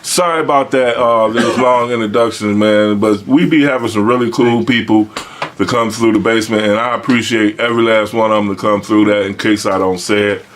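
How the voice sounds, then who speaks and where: Man, host, relaxed chatty talk, frequent laughs. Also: on the low side, fairly quick, a little hiss or hum. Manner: laid-back, chatty, laughing often. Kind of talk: casual chat.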